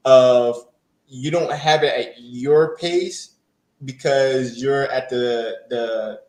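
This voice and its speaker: Male grad guest, mid-pitched, filler-heavy, echoey video call. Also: steady tone, drawn-out words, a little mellow. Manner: hesitant, many fillers and restarts. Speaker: bootcamp graduate guest. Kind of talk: casual interview over video call.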